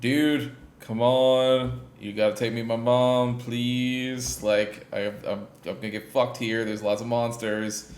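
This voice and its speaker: A man voicing a chatty, excited young boy with a casual, bragging manner, in a roomy space. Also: mid-range voice, slow pace, lightly acted.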